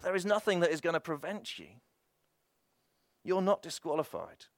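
A man's voice: fairly high pitch, animated, moderate pace, dry recording. A man preaching a sermon with an impassioned, repetitive cadence and frequent restarts.

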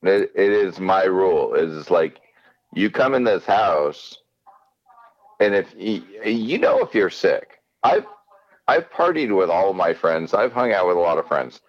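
A man's voice: deep voice, unhurried, dull audio. A man co-hosting a casual chat, rambling and acting out quoted people as he talks. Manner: rambling, animated, acts out quotes. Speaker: podcast co-host.

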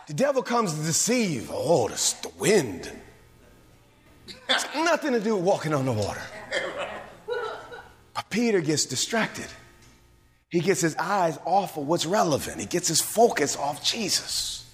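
A man delivers a sermon with emphatic, rhythmic energy, his voice sitting a little high for a man and swooping up and down. The church around him adds a long, trailing reverb. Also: unhurried, pauses often. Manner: animated preaching, rhythmic and emphatic. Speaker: pastor.

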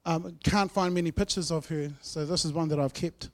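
Kiwi guy telling his testimony at church, slightly high voice, earnest, goes loud then quiet. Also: fairly even intonation, fairly quick. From New Zealand. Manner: earnest, heartfelt storytelling with loud and soft swings. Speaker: guest speaker sharing testimony.

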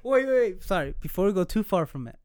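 A young man co-hosting a casual podcast chat, joking and throwing in quick asides. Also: high voice, very animated, a little mellow, clear, resonant tone, dry recording, studio quality. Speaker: podcast co-host.

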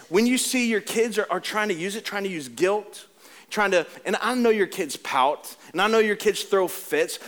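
Animated preacher man, joking then earnest. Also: high voice. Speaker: pastor. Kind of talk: sermon.

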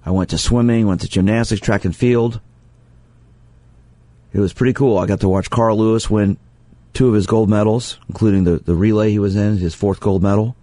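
A man's voice: fairly low pitch, fairly even intonation, brisk, warm tone, no echo. A man who is a sports psychologist hosting a call-in radio show, speaking earnestly and with emphasis, repeating his key phrases. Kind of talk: radio talk monologue taking calls.

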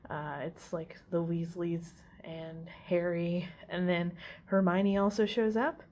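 A woman's voice: fairly low pitch, steady tone, slow pace, a little mellow. A woman casually recapping a movie, swearing freely and laughing at her own asides. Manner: casual, profane, giggly asides.

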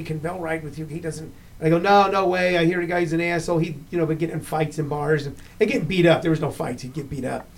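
Slightly high-voiced storytelling man. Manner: animated storyteller, acts out the people he quotes. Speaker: podcast host. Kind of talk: casual chat.

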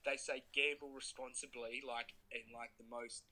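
A man's voice: medium pitch, flat delivery, normal speed, over a noisy crowd, low-quality recording. A young Australian man co-hosting a casual podcast chat, telling stories animatedly and laughing at himself. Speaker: podcast co-host.

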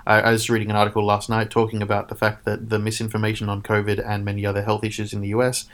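A man's voice: on the low side, completely flat delivery, racing, a bit bright. A man co-hosting a casual chat, ranting sarcastically and swearing. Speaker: podcast co-host.

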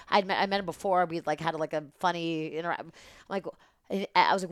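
Rambling, swearing woman with low voice. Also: fast talker, dry recording, studio quality. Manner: rambling, animated, swears freely. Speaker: podcast guest. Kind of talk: casual storytelling chat.

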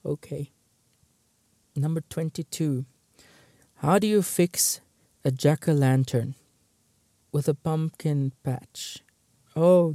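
Slow, mellow-voiced man reading jokes. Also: a little high, no echo. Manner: stifling laughter, muttering to himself. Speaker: host. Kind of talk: reading jokes while trying not to laugh.

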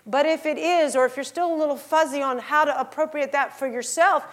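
A middle-aged woman preaching a sermon, telling stories and acting out the voices in them, rising to loud exhortation. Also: sits high, brisk. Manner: acts out voices in her stories.

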